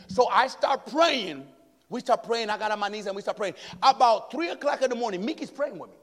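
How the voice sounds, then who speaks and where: High-voiced preacher in a reverberant hall. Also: male voice, animated, fairly quick. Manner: dramatic, shifts from hushed to shouting. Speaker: evangelist preacher. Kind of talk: sermon storytelling.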